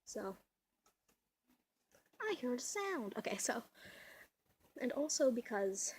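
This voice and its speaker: A woman's voice: on the high side, big pitch swings, slow, a little mellow, breathy edge. A young woman vlogging at home, chatty and giggly, rambling with lots of fillers, her voice a little off. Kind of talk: casual home vlog. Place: at home indoors. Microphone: camera mic.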